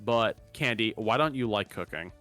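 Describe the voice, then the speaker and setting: Animated man rambling on a live stream. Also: lowish voice, normal speed, soft background music. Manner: rambling, animated, laughs often, restarts words. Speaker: streamer co-host. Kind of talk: casual chat.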